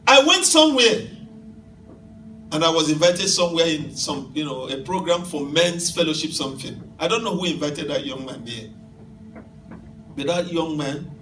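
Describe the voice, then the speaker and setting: A man preaching an emphatic sermon and telling a story to a congregation, sometimes rising to shouts. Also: a little high, a little hiss or hum. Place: church hall. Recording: echoey hall from far off.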